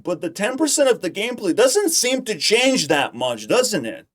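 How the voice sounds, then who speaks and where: A man's voice: high-pitched, sing-song, normal speed. A man streaming casual commentary, ranting in a heated, profane way and repeating himself when worked up. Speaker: streamer reacting to clips.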